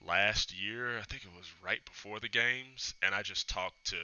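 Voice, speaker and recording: A man's voice: fairly low pitch, normal speed, sharp tone, clear, resonant tone. A man, a podcast guest chatting casually and telling reflective stories, acting out what people said. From Tennessee, US. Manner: reflective, storytelling, acts out quoted dialogue. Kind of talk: casual interview chat. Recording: dull lo-fi sound.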